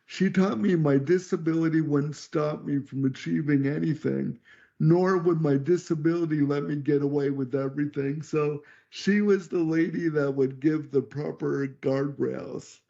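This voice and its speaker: A man's voice: a little high, gravelly, mellow. A middle-aged man speaking earnestly and reflectively as an interview guest, telling a personal story over a video call with some restarts. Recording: dull lo-fi call audio.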